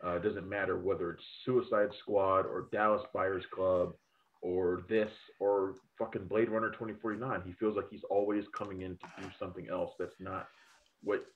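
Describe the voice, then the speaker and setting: Male critic, lowish voice over a thin phone-like line; loose, profane, opinionated chat. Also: moderate pace. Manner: rambling, profane, animated opinions. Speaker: film critic podcast host. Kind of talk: casual review chat.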